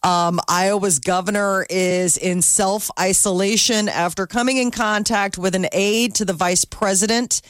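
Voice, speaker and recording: A woman's voice: mid-range voice, fairly even intonation, a little slow, hardly any pauses, dry recording, studio quality. A woman reading the news in a casual, chatty way on a morning radio show, laughing between items.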